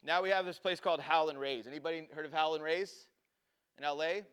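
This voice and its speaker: A man's voice: on the high side, a little fast, clear, resonant tone. A man telling a story to an audience, acting out the voices of the people in it. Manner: animated storyteller acting out dialogue. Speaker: speaker telling a customer service story.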